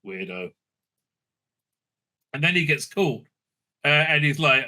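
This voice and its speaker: A man's voice: medium pitch, big pitch swings, slow pace, bright, forceful tone. A man giving a crude, mocking, rambling recap of a reality show episode, full of fillers. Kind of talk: casual recap commentary. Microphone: streaming setup mic.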